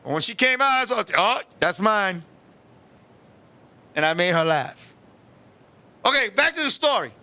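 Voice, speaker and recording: A man telling a comic story on a show, animated and profane, who keeps turning to his co-host. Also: high-pitched, fairly quick, pauses often. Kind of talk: comedic storytelling.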